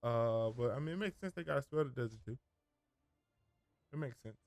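A man's voice: medium pitch, brisk, a little mellow, no echo. A man giving casual gameplay commentary as a streamer, thinking aloud, rambling and often correcting himself mid-sentence.

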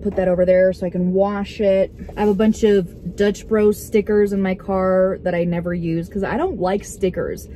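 A woman's voice: medium pitch, level tone, normal speed, hardly any pauses, dark tone, a little hiss or hum. A young woman vlogging from inside her parked car, chatting casually in a rambling, giggly way that startles easily. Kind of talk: casual vlog chat.

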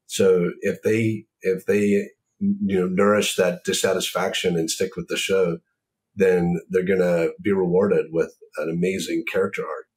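A man talking as an author in a casual discussion, thoughtful and measured, with frequent pauses and ums. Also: deep voice, level tone, darkish tone. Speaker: author and series creator.

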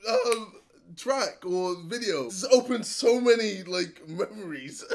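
Male YouTuber, high animated voice, laughs and shouts through his reactions. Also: slow pace. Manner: laughs hard, shouts and swears often. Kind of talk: casual reaction commentary.

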